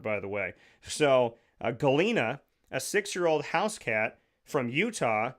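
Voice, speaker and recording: A man's voice: medium pitch, a bit bright. Male show host, casual monologue, digressive and jokey, mid-range voice, studio mic. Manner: rambling, digressive, jokey storytelling. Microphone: studio microphone.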